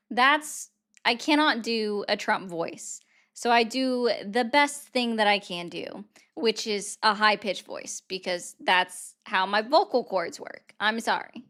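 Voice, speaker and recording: A woman's voice: medium pitch, takes it slowly, a bit bright. A woman hosting a live stream and taking callers, chatting in a self-deprecating, rambling way. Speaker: livestream host taking callers. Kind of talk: casual livestream chat.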